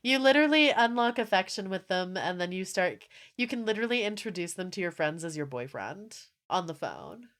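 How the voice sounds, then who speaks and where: A young woman streaming and chatting casually with her viewers, animated and swearing often, with frequent laughter. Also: medium pitch, fairly quick, few pauses. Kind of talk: casual live-stream chat.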